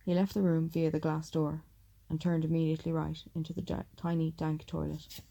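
A woman narrating an audiobook in a measured, steady reading voice. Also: sits low, gravelly.

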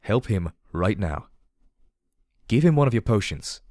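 A man's voice: on the low side, animated, moderate pace, darkish tone, dry recording, natural voice. A man voicing an earnest, anguished male pony companion who speaks in a strained, pleading way. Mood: firm. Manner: strained, pleading then firm.

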